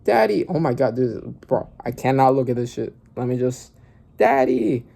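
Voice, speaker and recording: A man reads a manga chapter aloud and reacts to it, frequently breaking into loud exclamations and swearing. His voice is medium-pitched and creaky, with a flat delivery at a moderate pace.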